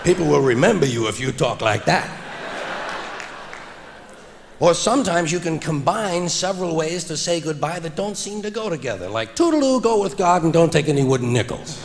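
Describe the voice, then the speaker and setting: A man doing a stand-up comedy routine on stage, with a wry, deadpan delivery that builds to loud punchlines, recorded live for a vinyl album. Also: a little high, a little fast, creaky, hardly any pauses, a little hiss or hum. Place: theater stage before an audience. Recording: live vinyl recording with long hall reverb and audible audience.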